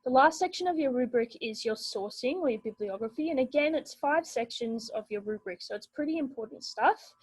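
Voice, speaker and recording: A young woman teacher walks students through a rubric, steady and explanatory, with plenty of ums. Her voice sits a little high and has a breathy, husky edge. It is recorded close and dry, with no room sound. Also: a little fast, hardly any pauses, no echo, rough recording. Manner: explanatory, steady, with many fillers.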